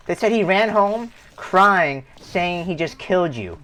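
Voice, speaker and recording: A man's voice: on the high side, expressive, a little slow, a bit bright. A young man streaming live, telling a rambling personal story with heavy swearing and many restarts. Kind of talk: casual storytelling.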